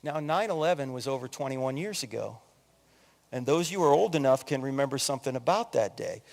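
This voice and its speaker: A man in his sixties from New Jersey giving an animated, joking story-driven talk as a conference speaker, acting out quotes in other voices. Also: medium pitch, brisk, vocal fry. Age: 60s. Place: large hall with audience. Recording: long hall reverb.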